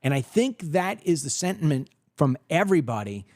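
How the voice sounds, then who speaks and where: A man hosting a political podcast, giving opinionated commentary and acting out quoted people in an animated storytelling way. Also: on the high side, normal speed, dry recording, clean studio sound.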